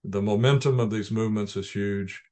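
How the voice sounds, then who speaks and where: A man being interviewed, calmly telling field stories in measured anecdotes with frequent restarts. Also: fairly low pitch. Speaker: ministry leader guest. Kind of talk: interview storytelling.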